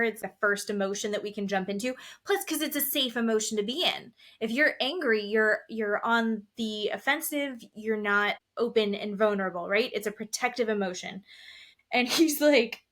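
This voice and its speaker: A woman podcast host recapping reality TV in casual chat, animated and swearing freely. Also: a little high. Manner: animated retelling with acted quotes, swearing.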